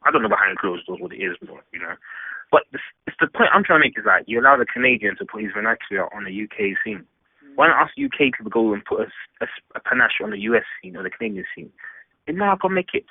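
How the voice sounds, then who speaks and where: A fast-talking man with a husky voice, his pitch swinging all over as he rants emphatically. He comes through a tinny phone line with a dry, close sound, and he rambles in a casual discussion. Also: no room sound. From England. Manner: animated, emphatic, rambling rant. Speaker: panel guest.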